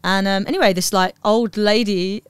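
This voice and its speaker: Blunt woman, smooth dry voice. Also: medium pitch, steady tone, normal speed, no room sound. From Uxbridge, England. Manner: blunt, swears freely, acts out both sides of a dialogue. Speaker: comedian and poet guest. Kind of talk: casual podcast storytelling.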